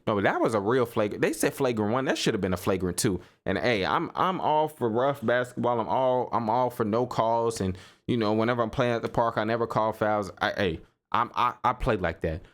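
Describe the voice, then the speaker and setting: A young man talking hoops on his own podcast, loose and excitable, circling back on his points and laughing in disbelief. His voice sits at an everyday middle pitch. The talk is easygoing and conversational. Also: brisk, hardly any pauses. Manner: animated, repeats himself, laughs and riffs in disbelief. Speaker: sports podcast host. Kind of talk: casual solo sports commentary.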